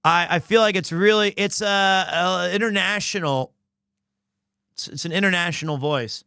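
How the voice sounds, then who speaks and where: A man's voice: high voice, moderate pace, bright, forceful tone, clear, resonant tone, no echo, studio quality. A man streaming a game playthrough, reading the lines aloud with a joking, self-mocking manner. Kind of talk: casual voiced game playthrough.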